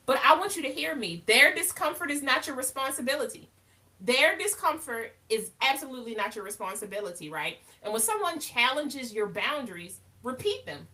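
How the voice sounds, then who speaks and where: A woman hosts a live motivational talk with a bright, forceful voice, leaning hard on her words and calling listeners baby. She sits a little back from the microphone, so her voice sounds slightly distant. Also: fairly high pitch, moderate pace. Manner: emphatic, animated, calls listeners baby. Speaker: live show host.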